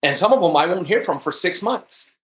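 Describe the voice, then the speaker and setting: A man in an interview, speaking with high energy and driving each point home. His voice sits a little high for a man. The recording is echoey and dull, with a lo-fi sound. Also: expressive, brisk, a bit bright. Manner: high-energy, emphatic storytelling. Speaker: podcast guest, trainer. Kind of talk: interview conversation.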